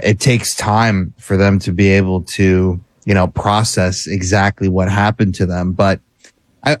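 A man guesting on a radio show about hauntings, explaining his advice in an earnest, gentle, reassuring way with light laughs. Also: on the low side, dry recording. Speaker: paranormal guest. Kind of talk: radio interview.

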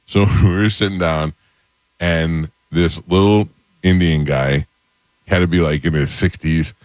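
A middle-aged man hosting a talk show, telling funny stories in an animated, chatty way and acting out the quotes. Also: sits low, a little slow, no room sound. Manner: animated storyteller, acts out quotes. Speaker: radio show host. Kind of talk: casual storytelling chat.

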